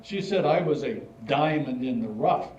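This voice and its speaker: A man's voice: medium pitch, lively intonation, moderate pace, a little mellow, distant mic, slight background noise, natural voice. An older man in a staged reading, playing an earnest, slightly formal schoolboy writing letters. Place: stage in a hall. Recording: dull, roomy hall recording from afar.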